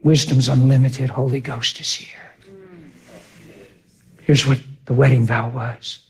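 A man preaching a testimony in animated storytelling, swinging from shouts to hushed near-whispers. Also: medium pitch, takes it slowly, gravelly. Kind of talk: sermon testimony.

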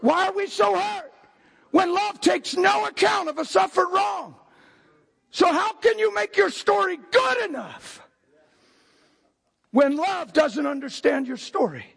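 An older man delivers a sermon from the pulpit. His voice sits strikingly high and carries a gravelly rasp, and he keeps jumping from calm explaining to fiery shouted lines. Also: a little slow, long pauses. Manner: preaching with sudden shouted outbursts. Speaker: pastor.

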